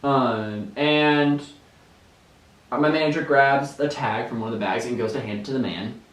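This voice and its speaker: A man's voice: mid-range voice, moderate pace. A young man tells a story in loose, casual chat, full of "like" and "um" and breaking into laughter. His voice sits in a middle register. The mic is a little way off in an echoing room. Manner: animated, laughing storyteller with many fillers. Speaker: podcast co-host. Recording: roomy, distant mic.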